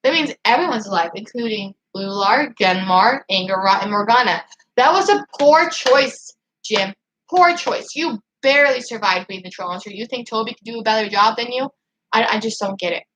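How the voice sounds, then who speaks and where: A woman talks straight to her livestream viewers and answers their chat comments as they come in. Her talk is a fast, frustrated rant, full of "like" and sentences she starts over. The voice sits at an ordinary pitch for a woman. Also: noisy background. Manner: excitable and frustrated, heavy use of "like". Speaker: channel host reading live chat.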